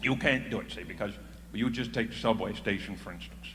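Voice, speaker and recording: A man's voice: on the low side, fairly quick. A middle-aged man with a Newfoundland accent telling comic stories on stage in a chatty, folksy way and laughing at his own jokes. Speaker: comedian. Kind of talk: live stand-up storytelling. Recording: live stage recording in an echoey hall. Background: audience laughter and crowd noise.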